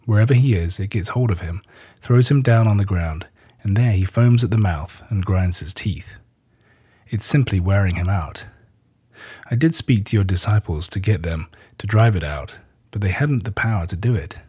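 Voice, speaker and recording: A lowish, husky male voice reads scripture at a measured pace. He lifts the quoted lines with a gentle touch of drama and keeps the narration calm and steady. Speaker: scripture reader.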